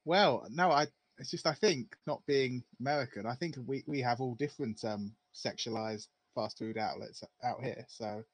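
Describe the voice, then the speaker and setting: A man with a British accent in a casual podcast chat, talking haltingly and laughing easily. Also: medium pitch, no room sound. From Britain. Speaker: podcast panelist.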